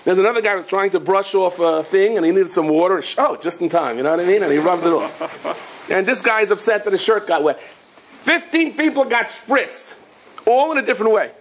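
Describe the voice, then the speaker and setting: A man's voice: fast, breathy edge. A man, a rabbi teaching a Torah class, telling stories and acting out the voices of the people in them. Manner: storytelling, acting out voices with swings of pitch.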